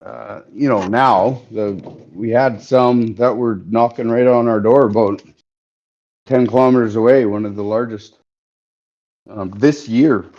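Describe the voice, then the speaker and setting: A mellow-voiced man chats casually and jokes while hammering metal on a live stream. The audio is dull and lo-fi. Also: medium pitch, steady tone, a little slow. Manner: joking, laid-back, talks while hammering metal. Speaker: bladesmith streamer. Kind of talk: casual livestream chat while working.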